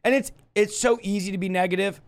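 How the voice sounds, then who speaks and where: A man's voice: sits high, fast. A man preaching in a livestream Bible study, fiery and emphatic, speaking straight to the viewer.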